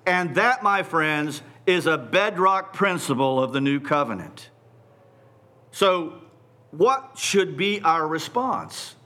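A man preaching a sermon in a deliberate, emphatic way, repeating phrases for stress. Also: on the high side, sing-song, sharp tone.

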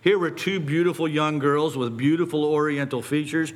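A middle-aged man preaching a sermon, posing animated rhetorical questions and stumbling over repeated words when excited. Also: fairly high pitch, normal speed. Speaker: pastor.

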